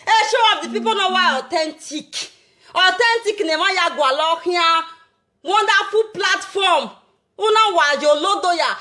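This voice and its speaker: A woman's voice: extremely high pitch, normal speed, bright, forceful tone. A Nigerian woman speaking Pidgin, taunting someone in a rant to camera, with cackling laughter and sing-song jeers. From Edo State, Nigeria. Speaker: social media vlogger.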